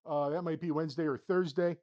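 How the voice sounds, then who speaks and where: Talking briskly with fairly even intonation, a man whose high, darkish voice has its highs cut off narrates his own sim golf round shot by shot. Recorded in his home golf simulator studio, the casual play-by-play has him muttering to himself and veering from flustered to upbeat.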